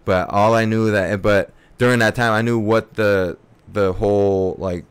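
A man's voice: on the low side, fairly even intonation, a little slow, clean tone, no room sound. A man telling a long casual story, full of fillers like "uh" and "like" and plenty of slang. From California. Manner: rambling, heavy filler words and slang.

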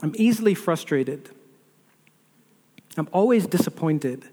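In a large hall with long reverb, a pastor delivers a sermon of repetitive lists and rhetorical questions to his listeners. His slightly high voice is warm and husky, unhurried, with lively intonation.

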